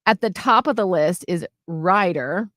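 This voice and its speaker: Speaking a little slowly in a lowish voice, this woman co-hosts a radio show in a dry studio recording. She chats casually, animatedly telling a story packed with quotes she acts out in voices.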